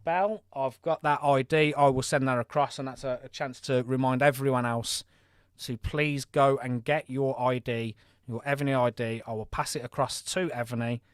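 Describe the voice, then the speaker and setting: A man's voice: medium pitch, steady tone, normal speed, clean tone, no room sound, clean studio sound. A man from Birmingham with a mild Birmingham accent, hosting a game live stream in a chatty, friendly way, reading out scores and thanking viewers. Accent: mild Birmingham English. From Birmingham, England. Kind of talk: live game commentary and chat.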